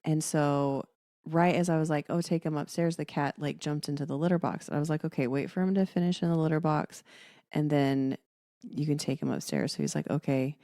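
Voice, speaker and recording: A middle-aged woman co-hosting a podcast tells a family story in casual chat, animatedly acting out the voices of the relatives she quotes. Her voice is low-pitched and brisk, captured in studio quality with no room sound.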